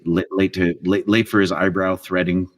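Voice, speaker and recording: A man's voice: low voice, flat delivery, far from the mic. A middle-aged man, a voice actor talking casually and playfully about creating character voices. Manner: playful, quick-shifting between voices. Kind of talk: casual talk about voice acting.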